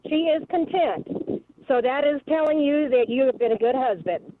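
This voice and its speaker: A woman's voice: sits high, lively intonation, moderate pace, no room sound. A woman calling in to a radio show by phone, outspoken and emphatic as she speaks her mind. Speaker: caller. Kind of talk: phone-in complaint. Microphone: telephone. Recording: tinny phone line.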